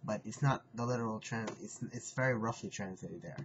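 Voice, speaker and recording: A man teaching a phrase on his video channel, speaking slowly and carefully, repeating each phrase and clearing his throat now and then. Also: lowish voice. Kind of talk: casual home video lesson. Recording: dull lo-fi home recording, faint hiss.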